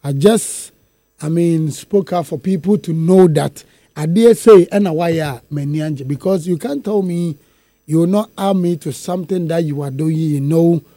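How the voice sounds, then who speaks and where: Earnest man, dark mellow voice. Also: on the high side, normal speed, no echo, studio quality. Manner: switches between English and Twi, earnest and emphatic. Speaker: musician guest. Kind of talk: interview conversation.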